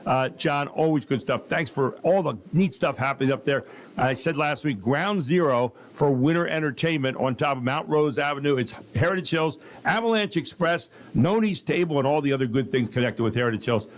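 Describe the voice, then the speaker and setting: A man's voice: medium pitch, fairly quick. A man with a mid-range voice hosts a talk radio show from a downtown studio. He talks in a folksy, upbeat way and rambles through ad reads and promos.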